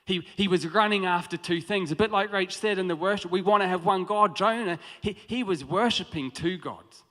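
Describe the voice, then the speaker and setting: A man preaching a sermon in a lively, conversational way, with stammered restarts. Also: high-pitched, moderate pace. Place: church hall. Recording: long hall reverb.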